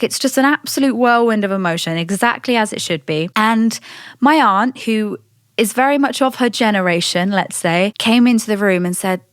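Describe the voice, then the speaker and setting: A woman, talking in a candid, animated casual monologue and swearing freely. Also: medium pitch, smooth, dry recording, clean studio sound. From Britain.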